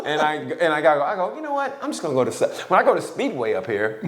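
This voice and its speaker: A man telling a long story on a casual podcast, his voice a bit high and swinging widely in pitch. He swears freely and laughs through his own tale. The room has noticeable echo. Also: very fast, crowd noise. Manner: profane, laughing, animated storyteller. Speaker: podcast co-host. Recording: roomy echo.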